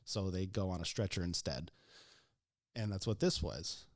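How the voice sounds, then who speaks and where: A man's voice: low-pitched, moderate pace. A young adult man telling a work story in a casual podcast chat, laughing often and acting out the people he quotes. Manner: animated storyteller who acts out quoted voices, laughing often. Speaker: podcast co-host.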